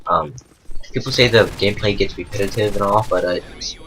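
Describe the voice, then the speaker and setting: A man's voice: lowish voice, expressive, brisk, vocal fry, fairly bright tone, slight background noise, poor audio. A man chatting casually about video games, rambling with many fillers and restarts. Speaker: co-commentator. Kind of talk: casual gaming chat.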